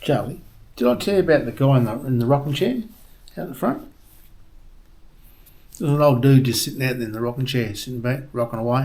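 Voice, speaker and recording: A man's voice: medium pitch, a little mellow. A man hosting a travel vlog, chatting casually and rambling with lots of ums and uhs, then telling a joke. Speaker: vlog host.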